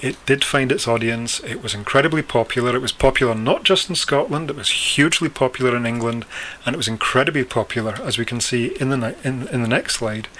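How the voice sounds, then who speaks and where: A man giving a recorded lecture, speaking in a measured, questioning way with frequent fillers. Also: medium pitch, sharp tone, slight background noise.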